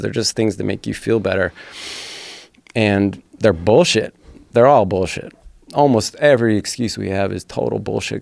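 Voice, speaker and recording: A man's voice: lowish voice, vocal fry, a little mellow, dry recording. A man in his thirties, a fighter and podcast guest, telling his personal story in an earnest, blunt way with some swearing.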